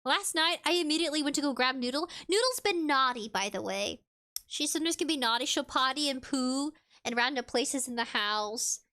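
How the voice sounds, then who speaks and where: A woman's voice: sits high, brisk, sharp tone. A woman chatting casually on a live stream, reading viewer comments aloud and giggling often in a playful way.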